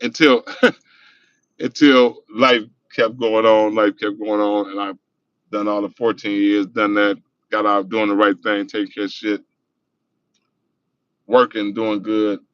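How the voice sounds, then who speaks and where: A man's voice: fairly low pitch, a little slow, a bit bright, no echo. Middle-aged male streamer, laid-back and profane, muffled lo-fi sound, talking while driving. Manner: loose, profane, laughing storytelling. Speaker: livestream host. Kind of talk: casual storytelling livestream.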